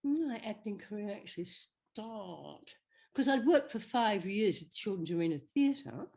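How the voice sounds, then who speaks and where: An older woman, an actress guest telling chatty, animated stories in an interview. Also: medium pitch, unhurried, creaky. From Australia. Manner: chatty, animated, slips into quoted voices. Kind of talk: anecdotal storytelling.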